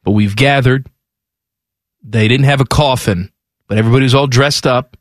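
A man's voice: mid-range voice, normal speed, no room sound, clean studio sound. A man in his forties hosting a sports radio show, with casual, irreverent, wisecracking banter. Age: 40s. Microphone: studio microphone.

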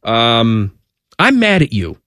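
A man hosting sports radio with a cold, deadpan and brisk. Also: medium pitch, noisy background. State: has a cold. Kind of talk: casual radio banter. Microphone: studio broadcast mic.

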